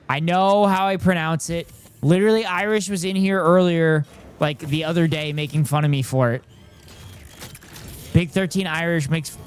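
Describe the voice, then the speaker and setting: A man's voice: a little high, a little hiss or hum. Chatty male streamer in his thirties. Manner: chatty, reads chat aloud, self-deprecating. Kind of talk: casual live-stream chat.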